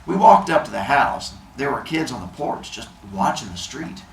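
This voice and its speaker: A man's voice: mid-range voice, big pitch swings, moderate pace, creaky. Man reading a novel aloud casually. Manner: casual, explains as he reads. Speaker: reader and host. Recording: roomy room with faint noise.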